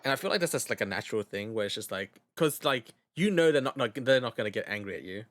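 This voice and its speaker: A man's voice: mid-range voice, expressive, quick pace, a bit bright, dry recording, clean studio sound. An Australian man chatting casually while livestreaming a game, laughing often and swearing freely. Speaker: streamer. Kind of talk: casual livestream gaming chat.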